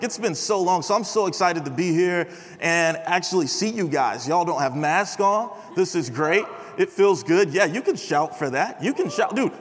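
A young man delivers a casual, story-driven sermon to a large chapel crowd, leaning on dude and bro as he talks. His voice sits high, and a long hall reverb trails behind every phrase. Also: breathy edge. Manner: chatty, animated, says bro and dude. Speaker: chapel speaker. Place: large chapel before an audience.

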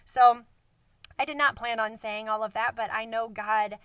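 A woman's voice: on the high side, fairly even intonation, normal speed, fairly bright tone, smooth, no room sound, far from the mic. A woman hosting a casual faith podcast alone, talking earnestly and effusively with many fillers, close to tears, into a microphone set in a cardboard box. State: emotional. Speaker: podcast host.

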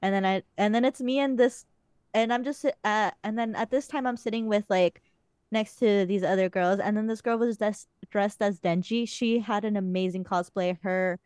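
A woman's voice: mid-range voice, darkish tone, clear, resonant tone, dry recording, studio quality. A young woman on a podcast, casually telling stories in a chatty way with some swearing. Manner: chatty storytelling, frequent swearing. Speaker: podcast host. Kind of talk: casual chat.

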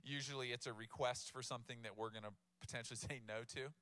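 A pastor in his thirties preaches fast in a medium-pitched voice that is clear and resonant, with no room sound at all. His sermon is casual and humorous, built on animated, playful retellings of the text punctuated by laughs.

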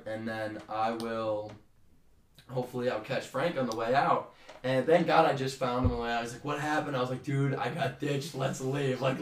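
Young male co-host, loose and swearing, with echoey room sound and the mic set back. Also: medium pitch. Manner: rambling, animated, swears freely. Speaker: podcast co-host. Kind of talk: casual storytelling chat. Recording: roomy, distant from the mic.

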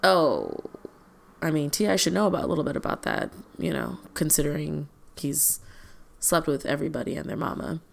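A woman's voice: low-pitched, big pitch swings, brisk, vocal fry. A woman co-hosting a podcast, telling stories in a rambling way with plenty of ums and asides. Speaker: podcast co-host. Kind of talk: casual podcast chat.

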